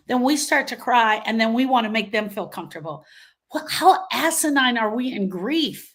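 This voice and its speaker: A woman's voice: a little high, expressive, normal speed. A woman grief coach giving an emphatic, motivational live talk, repeating her phrases and acting out what people say. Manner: emphatic, repeats phrases, acts out quoted voices.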